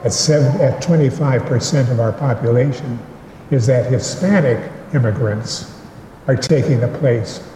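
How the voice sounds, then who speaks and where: A man preaching a sermon as pastor, in a slow and measured way with deliberate pauses. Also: medium pitch, warm tone, slight background noise. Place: church sanctuary. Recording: echoey church hall with long reverb.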